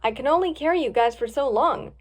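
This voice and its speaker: A woman voicing a kind, strong female hippo in a storybook reading, speaking in a warm, cheerful way. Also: sits high, lively intonation, brisk.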